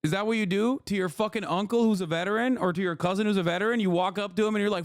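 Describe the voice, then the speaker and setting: A man's voice: sits high, rapid-fire, few pauses, no echo, clean studio sound. A man hosting a livestream, lecturing his chat in an exasperated, profane rant. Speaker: livestream host.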